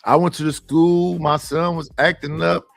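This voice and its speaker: Blunt, profane male panelist; raised pitch, rough fry, dry close sound. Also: level tone, normal speed, no room sound. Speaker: podcast panelist. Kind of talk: casual chat.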